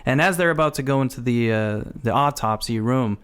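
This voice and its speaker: A man's voice: mid-range voice, a little fast, fairly bright tone, clear, resonant tone. A man co-hosting a podcast, chatting casually about a comedy film and retelling its scenes with many restarts. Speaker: podcast co-host. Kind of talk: casual chat reviewing a film.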